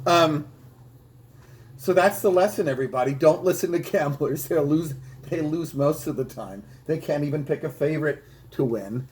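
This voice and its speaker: A man's voice: on the high side, normal speed, a little mellow, slight background noise, rough recording. Man delivering stand-up punchlines. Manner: punchy delivery, repeats a catchphrase; bilingual. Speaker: stand-up comedian. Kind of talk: rehearsing a stand-up bit.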